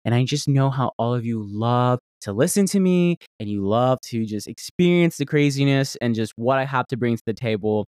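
Southern male podcast host, casual, profane rant, swings from loud to mumbled, close dry mic. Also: medium pitch, lively intonation, normal speed, few pauses, clean tone, no echo. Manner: rambling, profane, self-deprecating, jumps between loud outbursts and mutters. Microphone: desk microphone held close.

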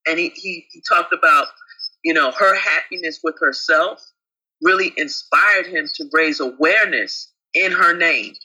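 A man co-hosting a casual talk show, chatty and affectionate, with a husky voice. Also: on the high side, unhurried, pushed and bright, poor audio. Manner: chatty, calls co-host babe. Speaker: co-host. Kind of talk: casual chat.

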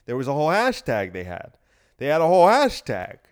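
Young man, solo podcast rant, sarcastic, profane, lots of "like", medium pitch. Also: huge pitch swings, a little fast, clear, resonant tone. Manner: ranting, profane, sarcastic, heavy on "like". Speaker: podcast host.

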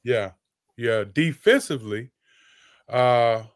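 A man's voice: mid-range voice, takes it slowly. A man hosting a casual sports podcast, often repeating words as he gathers his thoughts. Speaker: podcast host, former player.

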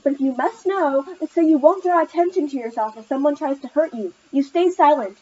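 A woman's voice: high voice, lively intonation, brisk. A woman voicing an anxious, protective mother who is strict, read in an insistent, edgy way. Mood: sharp. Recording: slightly muffled lo-fi recording.

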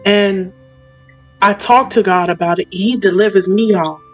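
A woman hosts an easy faith chat in a voice of middling pitch. She talks with feeling, stumbles and repeats herself, and keeps calling her friends y'all and sis. A soft bed of music plays behind her. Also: a little slow. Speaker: podcast host.

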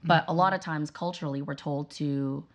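A woman's voice: low-pitched, steady tone, normal speed. A woman in an interview conversation, telling parenting stories in an earnest, emphatic way. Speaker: guest, parent sharing her views.

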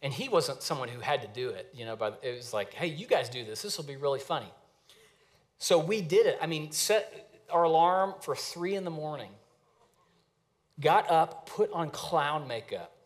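A man in his thirties preaching a sermon in a conversational, storytelling way with lively asides. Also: on the high side, normal speed. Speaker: pastor.

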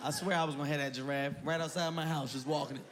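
A man doing stand-up comedy, loud and animated, shouting punchlines. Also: on the high side, quick pace. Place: large venue with laughing audience. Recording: live show with loud crowd and noise.

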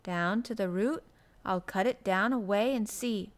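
A woman's voice: medium pitch, measured pace, lightly acted. A woman voicing a cheerful country boy with a who talks eagerly and earnestly about plants, in an audiobook reading.

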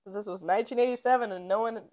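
A woman's voice: mid-range voice, racing, darkish tone. A young woman co-hosting a podcast, telling a story in casual chat, giggly and teasing.

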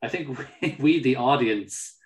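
A man's voice: medium pitch, measured pace, reverberant, low-quality recording. A man co-hosting a film podcast, talking casually and animatedly, swearing and acting out mocking quotes. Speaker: podcast co-host.

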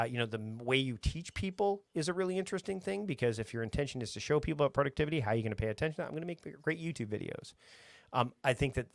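A man talking as a podcast guest, energetic and rambling, often restarting his sentences. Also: mid-range voice, no room sound. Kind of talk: casual conversation.

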